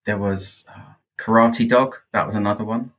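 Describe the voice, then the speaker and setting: A man's voice: lowish voice, steady tone, moderate pace, fairly bright tone, a little hiss or hum. A man co-hosting a podcast in casual chat, asking wry, teasing questions. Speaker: podcast co-host.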